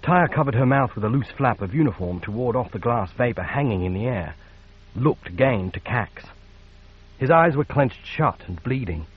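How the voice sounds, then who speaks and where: Husky male audiobook narrator. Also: mid-range voice, expressive, normal speed, phone-quality sound. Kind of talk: scripted narration.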